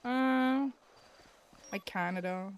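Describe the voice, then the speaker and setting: A woman's voice: medium pitch, slow pace, slight background noise. A woman chatting offhandedly about upcoming travel plans, trailing off. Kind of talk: casual chat.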